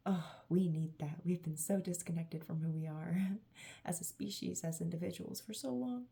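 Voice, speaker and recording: A tired, emotional woman who works as a tarot reader and channeler delivers a gushing, affectionate channeled spiritual message to her viewers, laughing often and slipping into soft, whispery asides. Her voice is lowish, creaky and breathy-edged, at a normal speed.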